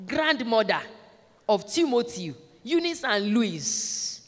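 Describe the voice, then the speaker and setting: A woman's voice: on the high side, big pitch swings, takes it slowly. A woman preaching a sermon in a church, urging and repeating her points to the congregation. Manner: emphatic, repeats exhortations, addresses the congregation directly. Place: large church. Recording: long church reverb.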